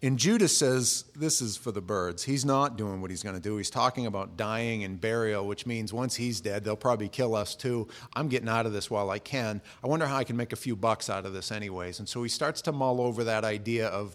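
A man's voice: lowish voice, a little fast, hardly any pauses. A middle-aged man preaching a sermon in a conversational, storytelling way, acting out the voices he quotes. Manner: conversational, acts out quoted voices, frequent restarts. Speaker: pastor.

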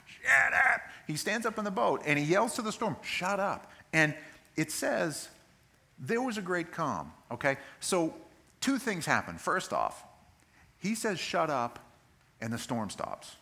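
A man preaching a sermon, telling the story in a lively way and acting out the voices of the people in it. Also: on the high side, unhurried, gravelly. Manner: animated storytelling, acts out voices. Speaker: pastor.

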